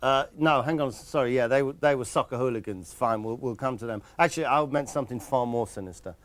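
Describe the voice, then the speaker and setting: A man's voice: medium pitch, fast. A man narrating a comic documentary in a wry, sarcastic way, breaking in on interviewees.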